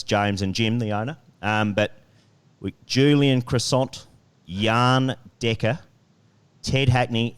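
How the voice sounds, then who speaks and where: Man, low smooth voice, easygoing podcast chat. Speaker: podcast co-host. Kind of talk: casual chat.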